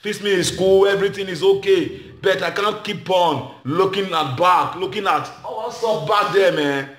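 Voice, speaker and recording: A man's voice: high-pitched, moderate pace, fairly bright tone, roomy sound. A man speaking Nigerian Pidgin English, giving an impassioned, repetitive speech as a comedian. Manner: emphatic, repetitive, shifts between Pidgin and English.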